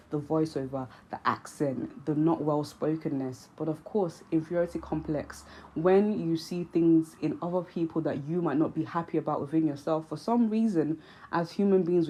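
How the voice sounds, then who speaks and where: A young woman from Nigeria with a Nigerian accent shaded by British speech, hosting her own vlog. She speaks earnestly and reflectively, pausing with frequent ums. Her voice sits low and mellow. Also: a little hiss or hum, low-quality recording. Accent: Nigerian with British influence. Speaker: vlog host. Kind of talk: casual commentary to camera.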